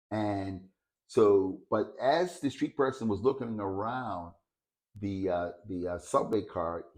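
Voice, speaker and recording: A man's voice: lowish voice, darkish tone. A man casually telling a story, hesitating and repeating words as he searches for them.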